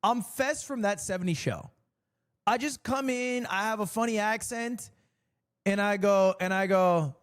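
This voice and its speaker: A young man with a fairly high voice talks loosely to his stream audience. He rambles, pokes fun at himself and breaks into laughter often. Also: measured pace. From United States. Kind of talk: casual stream chat.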